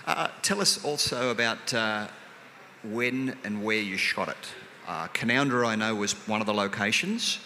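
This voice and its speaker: A man interviewing a film director onstage, asking measured questions with a dry wit. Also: on the low side, sharp tone. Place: hall before a live audience. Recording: long hall reverb, faint noise.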